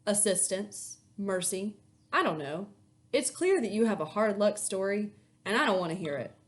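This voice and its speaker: A woman's voice: mid-range voice, animated, normal speed, close to an everyday voice. A woman putting on a curt, weary motel clerk. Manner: curt, dismissive, unimpressed. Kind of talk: reading a children's novel aloud.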